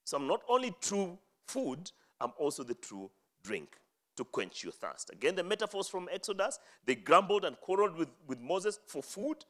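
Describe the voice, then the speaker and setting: Reading scripture aloud and explaining it, a preacher speaks at a moderate, sing-song pace. He swings dramatically from loud, high, emphatic phrases to low, hushed endings.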